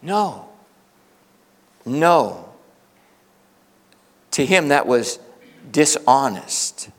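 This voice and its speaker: A male pastor preaching a sermon, swinging from loud, emphatic peaks to hushed asides. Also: mid-range voice, sing-song, very slow. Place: church sanctuary. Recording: reverberant church hall.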